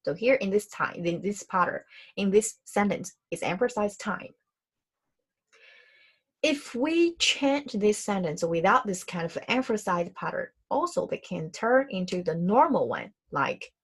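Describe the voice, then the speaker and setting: A woman's voice: on the low side, breathy edge. A young woman whose first language is Mandarin teaches a Chinese grammar lesson in Chinese and English, often rephrasing her points and putting questions to her learners. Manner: explanatory, repeats and rephrases, asks learners questions.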